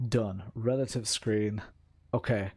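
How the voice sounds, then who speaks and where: A man's voice: fairly low pitch, steady tone, slow pace, a little mellow, husky. A young man giving live, rambling commentary while racing in a sim game, laughing often and chatting to his viewers.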